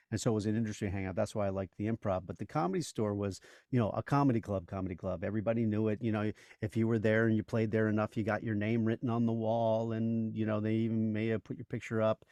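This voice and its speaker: A man in his sixties with a low, gravelly voice tells showbiz stories in a loose, rambling way, full of "you know"s and restarts. The recording is dry and close. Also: a little mellow, no room sound. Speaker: guest, voice actor and comedian. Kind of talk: casual interview chat.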